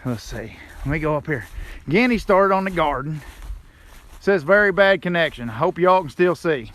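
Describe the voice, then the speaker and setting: A man wandering his yard with his phone held in hand hosts a casual live stream, greeting viewers by name in a folksy manner. He sounds animated, at a fairly high pitch and moderate pace, with a slightly bright tone.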